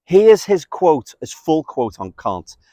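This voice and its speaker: A man's voice: on the high side, big pitch swings, slow, mellow, no room sound. A man giving an informal philosophy lecture in a chatty, digressive way, reading quotes aloud and breaking off with asides.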